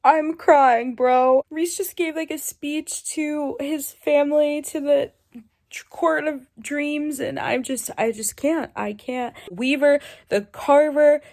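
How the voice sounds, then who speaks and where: A woman vlogging her reactions to a book, talking casually and excitedly, gushing with squeals and sudden hushed asides. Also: sits high, takes it slowly. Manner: excitable, gushing, swings between whispers and squeals. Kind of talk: casual reading reaction vlog.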